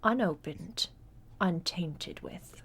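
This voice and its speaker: A woman voicing a mysterious deity who bargains in a hushed, slow, partly whispered voice. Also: lowish voice, lively intonation, gravelly, breathy edge, heavily acted. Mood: solemn.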